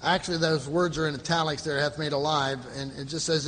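A man's voice: fairly high pitch, level tone, a little fast, hardly any pauses, fairly bright tone, big-room sound. A man teaching a Bible study to a group, reading verses aloud and explaining them with frequent fillers and restarts.

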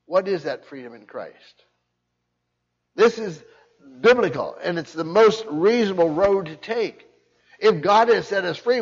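An older man preaching a sermon, emphatic, often repeating words and restarting his sentences. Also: husky. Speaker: pastor. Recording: muffled low-fidelity recording.

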